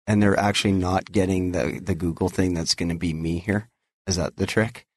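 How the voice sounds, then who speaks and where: A man's voice: low-pitched, steady tone, darkish tone, no room sound. A man who produces a podcast, joking and chiming in with short remarks. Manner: joking, quick interjections. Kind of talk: casual podcast chat.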